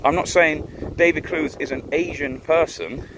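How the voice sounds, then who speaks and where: A man's voice: a little high, steady tone, unhurried, noisy background. A man, talking bluntly and argumentatively in a casual monologue, often tagging "right?" onto his points. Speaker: live streamer. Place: in a van.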